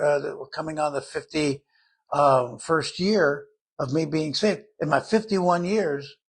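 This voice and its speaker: An older man delivers a sermon in an easy, conversational way, earnestly walking his listeners through the Bible. His voice is husky and sits a little high for a man. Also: fairly bright tone. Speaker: preacher.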